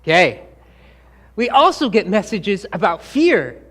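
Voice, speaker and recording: A man's voice: high voice, big pitch swings, measured pace, a bit bright. A man giving a talk to a live audience, asking them questions and acting out the scolding things people say. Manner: engaging, asks the audience questions and acts out quoted scolding. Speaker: speaker.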